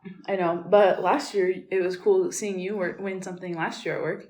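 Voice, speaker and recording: A woman co-hosting a podcast in casual chat, her voice groggy and hoarse, rambling with fillers and restarts. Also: lowish voice, steady tone, moderate pace, a little mellow. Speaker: podcast co-host. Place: tiled hotel room. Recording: echoey tiled room.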